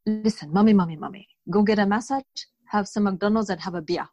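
A woman's voice: medium pitch, a little fast, dark tone, no room sound, dull audio, lightly acted. A jovial, reassuring male doctor with an Indian accent, as a woman puts him on while telling a story. He speaks in a friendly, soothing, playful way. The recording is dry and close.

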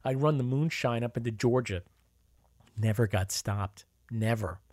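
A man's voice: mid-range voice, very animated, moderate pace, a little mellow, no echo, studio quality. A man voicing a proud, sly older Southern woman with a Southern accent, boasting as she reminisces. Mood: boastful.

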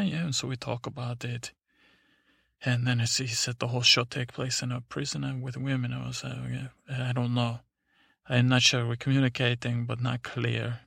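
A man's voice: mid-range voice, vocal fry, a bit bright, husky, dry recording, studio quality. A man doing a rambling Eastern European superheroine. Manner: rambling, halting, broken English. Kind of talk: sleep story character voice.

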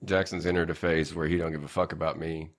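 A man's voice: very deep voice, flat delivery, quick pace. A man hosting a casual podcast, profane and exaggerated in his venting, then candid about himself. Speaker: podcast host. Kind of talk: casual chat.

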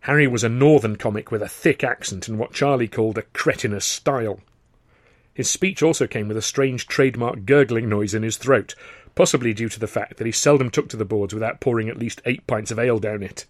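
A man narrating his own novel in a wry, measured way. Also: mid-range voice, no room sound, studio quality. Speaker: author and narrator. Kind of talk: scripted audiobook narration.

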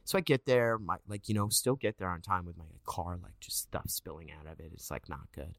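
A man's voice: brisk, gravelly, no room sound, clean studio sound. A man in his thirties, an actor, chatting casually in an interview and acting out quotes as he tells stories. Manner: animated storyteller, acts out quotes in a higher voice. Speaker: actor guest.

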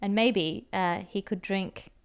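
A woman hosts a comedy podcast in a dry, wry way, slipping into mock-formal phrasing for the sign-off. Her voice is smooth and clear, at a middling pitch. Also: slow. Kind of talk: casual comedy banter.

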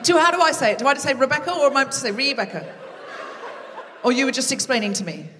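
A woman works the crowd from a theatre stage, teasing and chatty, with quick asides. Her voice sits mid-range and rings out into a hall with a long tail of reverb. Faint room noise sits under her. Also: high voice, lively intonation, a bit bright. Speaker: comedy podcast host. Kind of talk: live stand-up crowd work. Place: theatre stage before a live audience.

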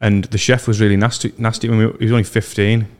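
A man's voice: fairly low pitch, fast talker, clean tone. Young man telling prank stories. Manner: animated storyteller, mimics voices in his anecdotes. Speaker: podcast host. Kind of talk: casual chat, storytelling.

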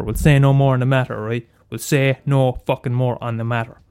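A man's voice: medium pitch, level tone, fairly quick, a little mellow, clear, resonant tone, dry recording. An Irish man hosting a solo comedy podcast, blunt and sweary, mocking himself and repeating lines for effect. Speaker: podcast host.

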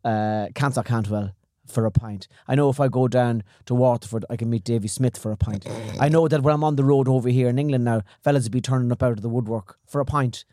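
Middle-aged man, comic storyteller, quick and mellow, dry close mic. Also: mid-range voice, no room sound. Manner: rambling anecdotes, chatty. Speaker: stand-up comedian and podcast host. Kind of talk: casual podcast chat.

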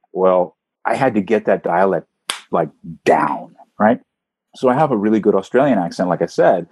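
A man, a voice actor, talking casually in an interview, telling animated stories and swooping up in pitch for emphasis. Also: husky, no room sound. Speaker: voice actor guest.

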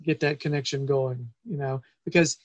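A man's voice: mid-range voice, fairly even intonation, moderate pace, no echo, dull audio. A man hosting a podcast, enthusiastic and stammering through restarts as he chats. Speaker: podcast host. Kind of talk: casual interview chat.

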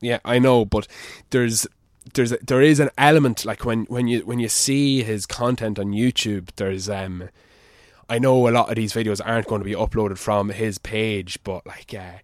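A man's voice: lowish voice, steady tone, moderate pace, no echo, clean studio sound. A young man in casual podcast chat, giving blunt opinions and swearing now and then.

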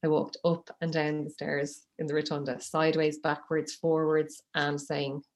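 A woman's voice: low voice, little pitch movement, moderate pace, a little mellow. A woman, telling a personal story in a casual, chatty way and acting out what people said. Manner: chatty, laughs often, acts out quotes. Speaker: guest telling her birth story.

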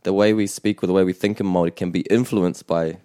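Deep, mellow New man teaching. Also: steady tone, smooth, no room sound, studio quality. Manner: measured, explanatory, with restarts. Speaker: te reo Māori teacher and podcast host. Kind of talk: bilingual language lesson chat.

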